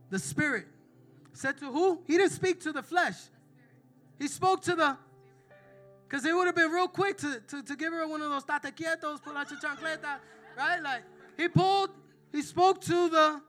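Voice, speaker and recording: A male preacher delivering an emphatic sermon, calling out questions to the congregation and building to loud passages. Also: very high voice, unhurried, pauses often, faint music behind.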